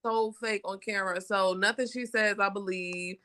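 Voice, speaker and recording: Bright-voiced woman, blunt and sassy. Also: medium pitch, normal speed. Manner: animated, blunt, drawling, sassy. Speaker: co-host of a live reality show review. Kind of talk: casual live-stream chat.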